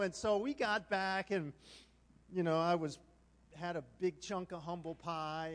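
A middle-aged male pastor telling a humorous story in a sermon, animated and self-mocking, acting out what people said. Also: high voice, measured pace.

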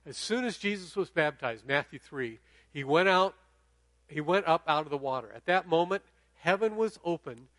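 A man's voice: fairly high pitch, animated, normal speed, fairly bright tone, no echo. A middle-aged man preaching a sermon in a conversational way, often checking in with the audience. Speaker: pastor.

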